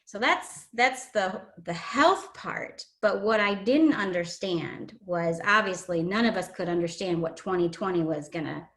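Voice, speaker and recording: A woman's voice: fairly low pitch, fairly bright tone. Earnest woman telling a personal story. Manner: earnest, emotional, halting with fillers. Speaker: guest sharing a testimony. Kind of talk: personal testimony.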